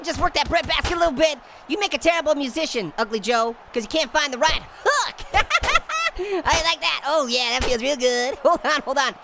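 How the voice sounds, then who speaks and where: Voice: sits high, vocal fry, full character voice. A performer voicing a cheeky, hyper male cartoon orange who narrates a comedic VR boxing playthrough, taunting and cackling constantly. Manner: taunting, giggly, constant cackling laughs and wisecracks. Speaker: gameplay commentator.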